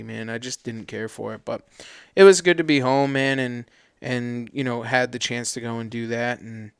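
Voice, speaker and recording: Slangy, animated man with a smooth voice. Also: medium pitch, dry recording, clean studio sound. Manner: animated storyteller, slangy and loose. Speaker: podcast co-host. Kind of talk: casual podcast chat.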